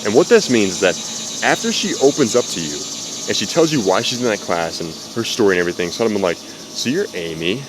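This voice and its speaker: A man's voice: fairly low pitch, very animated, fast talker, noisy background. A man giving blunt, profane dating advice in casual talk to camera, outdoors. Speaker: dating coach. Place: outdoors with cicadas. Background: faint cicadas.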